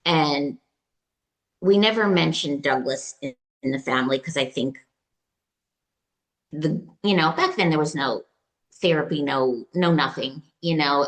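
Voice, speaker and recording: A woman with a somewhat low voice speaks as an interview guest, sharing a personal experience. Her telling is halting and emotional, full of fillers, restarts and quoted exchanges. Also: a bit bright. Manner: recounts dialogue in quoted voices. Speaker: retreat client, interview guest. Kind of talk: personal story, conversational.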